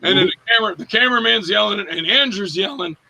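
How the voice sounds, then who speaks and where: A man being interviewed as an actor, telling lively anecdotes and acting out the voices of the people in them, with a raspy voice. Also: sits high, fast talker, low-quality recording. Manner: animated anecdote-telling, acts out quoted voices, laughs often. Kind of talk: casual storytelling interview.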